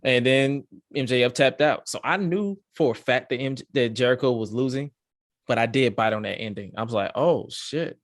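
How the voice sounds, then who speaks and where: A man hosting a podcast, reviewing wrestling in excitable, profane, rambling casual chat. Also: mid-range voice, a little fast, no room sound, clean studio sound. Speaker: podcast host.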